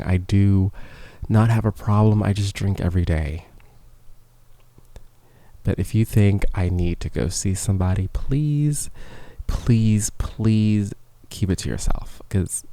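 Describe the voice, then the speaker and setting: An unhurried podcast host with a low, mellow voice rambles through a casual, self-mocking monologue, now and then lowering to a whisper. He records in a small studio close to a professional microphone, and there's no room sound.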